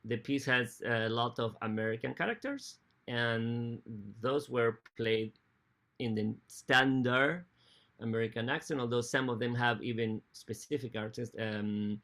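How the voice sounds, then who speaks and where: Man, lecture, music director, halting delivery, frequent self-corrections, gravelly tone. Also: mid-range voice, fairly bright tone. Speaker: guest speaker on opera, music director.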